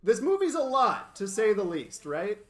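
A man's voice: sits high, big pitch swings, moderate pace. A man co-hosting a podcast in casual chat, earnest and playful with a slightly dramatic touch. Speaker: podcast co-host.

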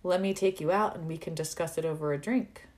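A woman's voice: sits low, a little fast, darkish tone, close to an everyday voice. A woman doing a flustered, charming college guy. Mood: bashful. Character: flustered, charming young male college student.

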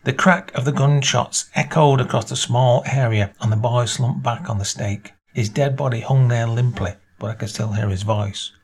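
A man reading a short story aloud as narrator, in a measured storytelling manner. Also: steady tone, a little mellow, husky. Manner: measured storytelling, voices dialogue with small pitch lifts.

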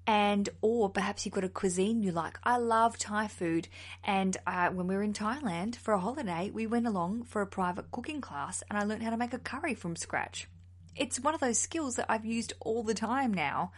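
A woman, hosting a casual solo podcast in a chatty, animated, self-mocking way. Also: mid-range voice, normal speed. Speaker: podcast host.

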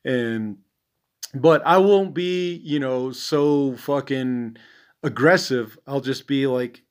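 A man's voice: medium pitch, slow, clean tone. A man hosting a podcast in an angry, profane, rambling monologue, full of "you know" fillers, his voice dropping and trailing off at the ends of phrases. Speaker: podcast host. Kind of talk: casual monologue.

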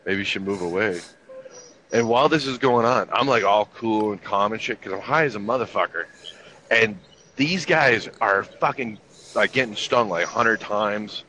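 A man's voice: on the low side, moderate pace, bright, forceful tone, a little hiss or hum. A man in his fifties telling army stories in casual chat, with a laid-back, profane, wry delivery. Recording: dull lo-fi recording with faint ambience.

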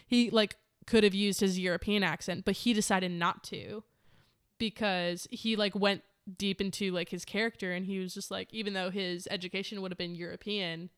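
A woman's voice: medium pitch, fairly even intonation, normal speed, smooth. A woman chatting casually and enthusiastically about a film with a friend, laughing often.

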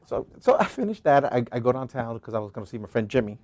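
A man co-hosting a podcast, telling a rambling story with lots of restarts and animated quotes. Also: mid-range voice, quick pace, no room sound. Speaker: podcast co-host. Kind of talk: casual chat.

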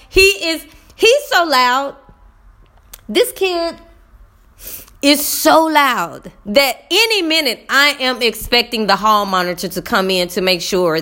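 A woman with a bright, fairly high voice recounts a classroom story straight to her viewers. Her pitch swings widely as she acts out students and herself, talking to them like friends. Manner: animated, talks to viewers as y'all, acts out dialogue. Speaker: middle school teacher.

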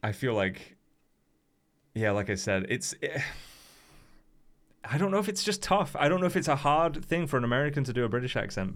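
A young man hosting a casual chat, rambling and hedging with lots of fillers and restarts. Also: medium pitch. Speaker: podcast host.

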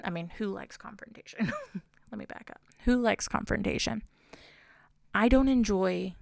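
A woman's voice: medium pitch, vocal fry, a little mellow, no echo, studio quality. A young woman talking through her own experiences in a casual, reflective monologue, often asking rhetorical questions. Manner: conversational, asks rhetorical questions.

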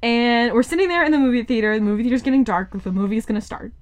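A young woman co-hosting a podcast, telling stories in casual chat and acting out quotes. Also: rapid-fire. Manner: animated storyteller, acts out quotes in high voices. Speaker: podcast co-host.

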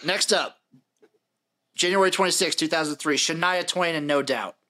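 A bright, somewhat high-pitched young man in his late twenties hosts a casual sports podcast. He runs through a list in order, reading out dates and acts with dry asides. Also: normal speed. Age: late 20s. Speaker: podcast host.

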